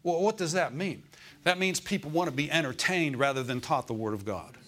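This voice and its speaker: A man's voice: fairly high pitch, lively intonation, fairly quick, fairly bright tone. A middle-aged man preaching a sermon, repeating phrases for emphasis and asking his listeners for amens.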